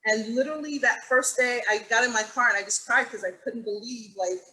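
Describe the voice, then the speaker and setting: A woman with a bright, forceful voice moderates an online panel discussion. She tells stories animatedly and acts out the quoted lines. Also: on the high side, brisk, poor audio. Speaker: moderator and acting teacher. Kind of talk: panel discussion on a video call.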